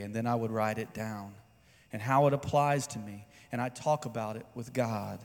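Pastor preaching in a reverberant hall. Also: male voice, medium pitch, moderate pace. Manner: conversational preaching, asks the congregation to respond. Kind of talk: sermon. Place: church sanctuary. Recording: long reverb in a large hall.

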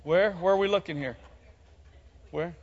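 Pastor guy preaching, high voice, big church echo, kinda muffled. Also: measured pace. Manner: preaching, calls on the congregation to speak. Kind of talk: sermon. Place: church hall. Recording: muffled sound with long hall reverb.

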